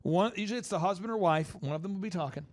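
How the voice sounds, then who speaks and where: A man hosting a casual podcast, rambling and animated as he acts out what people say. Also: sits high, racing, dry recording. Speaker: podcast host promoting a dog training business.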